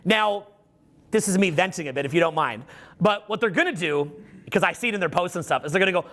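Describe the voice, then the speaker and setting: Middle-aged male coach addressing a live audience, high bright voice, swears a lot and acts out the quotes. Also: quick pace. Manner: animated, profane storytelling with acted-out quotes. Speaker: social skills coach. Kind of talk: live seminar talk.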